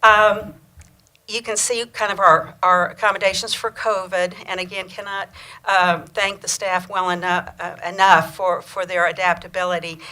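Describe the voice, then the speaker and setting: A woman giving a library report to a county board, grateful in tone and halting, with many fillers and restarts. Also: lowish voice, flat delivery, sharp tone, low-quality recording. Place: county board meeting room.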